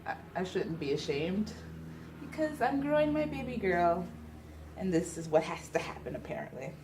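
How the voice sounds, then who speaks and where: Young woman vlogging at home, kinda low voice, out of breath, faint hum behind. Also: very animated, moderate pace. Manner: chatty, self-deprecating. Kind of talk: casual vlog to camera. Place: at home indoors.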